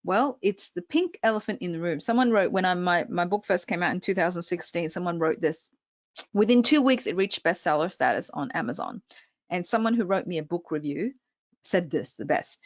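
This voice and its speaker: A woman's voice: on the low side, animated, brisk, dry recording, dull audio. A woman public speaking coach presenting an online workshop, talking straight to her audience with frequent check-ins.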